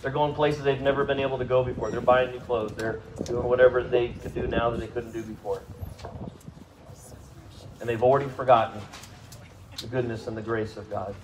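A man's voice: flat delivery, normal speed, pauses often, background noise. Conversational male pastor preaching a sermon. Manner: conversational, asks the congregation questions, rises in pitch and volume for emphasis. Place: church service.

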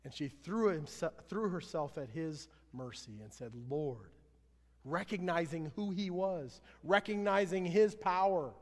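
A man preaching a sermon as pastor, earnest, swelling louder then dropping low at line ends. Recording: long hall reverb.

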